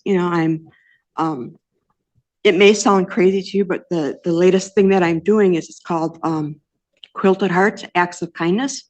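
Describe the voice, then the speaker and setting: An older woman speaking as a defendant in court, earnest and rambling, with soft hesitations. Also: on the low side, steady tone, measured pace. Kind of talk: courtroom testimony.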